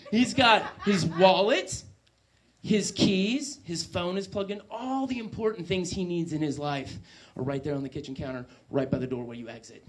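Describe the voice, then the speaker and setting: A man doing a stand-up comedy set on stage, animated, with loud bursts and low asides. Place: stage before a live audience.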